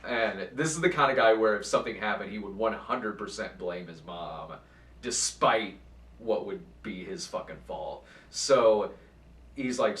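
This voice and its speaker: A man tells a convention story in a casual, lively way, swearing often and acting out what others said. He sits back from the mic. The room around him echoes. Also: fairly low pitch, moderate pace, recorded from a distance. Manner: animated, profane, acts out quotes. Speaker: channel host.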